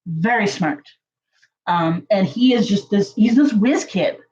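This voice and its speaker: A woman telling a story to her viewers in a casual, chatty way, full of fillers and lively jumps in pitch. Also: unhurried, lo-fi sound. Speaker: channel host.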